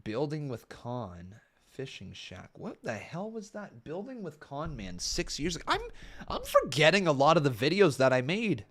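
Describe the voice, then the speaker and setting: A man's voice: fairly high pitch, wildly swooping pitch, normal speed, a bit bright. A young man from Canada doing casual live-stream commentary, exclaiming and laughing often as he looks back at old videos.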